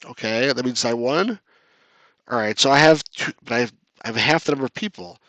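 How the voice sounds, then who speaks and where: A man's voice: medium pitch, a little fast, a bit bright, no echo. Chatty man streaming a retro game. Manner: chatty, reads chat aloud, jokes at his own losses. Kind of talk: casual live-stream commentary.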